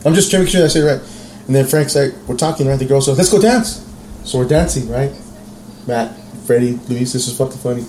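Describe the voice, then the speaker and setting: A man telling a story in a casual podcast chat, animated and profane, acting out the quotes. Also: medium pitch, fast talker, roomy sound, a little hiss or hum. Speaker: podcast co-host.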